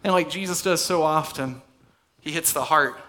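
A male pastor preaching a conversational sermon in a church, dropping to soft, intense tones for emphasis. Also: a little high, moderate pace. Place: church hall.

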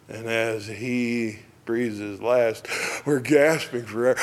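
A man preaching a reflective sermon, lingering over phrases and dropping to a near hush at moments of emphasis. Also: mid-range voice. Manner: slow, reflective, dropping to a hush on key words.

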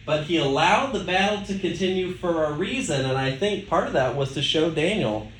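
A man's voice: a little high, lively intonation, normal speed, fairly bright tone, a little hiss or hum. A male pastor preaching a sermon in a conversational way, asking the listeners rhetorical questions. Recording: echoey room with faint ambience.

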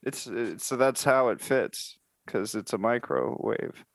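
A man's voice: medium pitch, expressive, unhurried, vocal fry, a little hiss or hum. A man co-hosting a podcast, riffing through improvised jokes and laughing mid-sentence. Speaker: podcast co-host.

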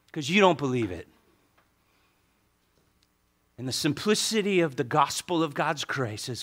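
A man preaching a sermon as pastor, animated and joking with the congregation. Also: on the high side, a little fast, hardly any pauses, husky.

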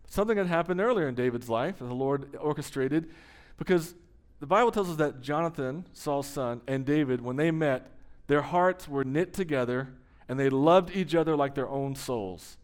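A man preaching a sermon with a smooth, resonant voice that sits a little high for a man. He tells the story with emphasis and slows down for weighty, dramatic pauses. His delivery is earnest and drives each point home. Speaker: pastor.

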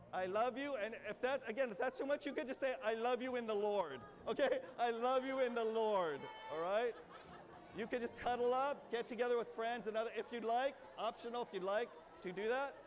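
A male pastor giving a sermon in a church, earnest and repeating his phrases, with coaxing asides to the congregation. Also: very high voice. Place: church sanctuary. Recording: reverberant church hall, faint ambience.

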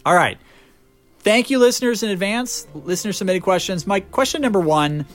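A man's voice: sits high, normal speed, soft background music. A young man hosting a podcast, joking casually through a movie review with lots of fillers. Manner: animated, joking rants with fillers. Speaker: podcast host.

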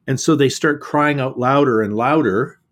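A middle-aged man, an author and guest in a reflective conversation, speaking earnestly and often halting and repeating words. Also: medium pitch.

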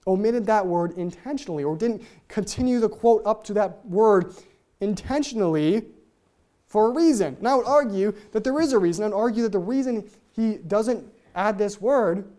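A Bible teacher works through scripture verse by verse, speaking in quick bursts that trip over their own words. Key ideas come back again and again so they sink in. The voice is mellow and warm, sitting at a middle pitch. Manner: talks very fast, trips over own words; repeats key points for emphasis.

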